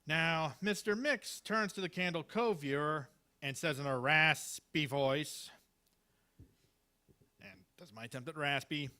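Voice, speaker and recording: A man reads Halloween one-liners at an open mic in a small live venue. He rambles and hesitates, stumbling over fillers and restarts. His voice has a bright, forceful edge. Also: on the high side, unhurried.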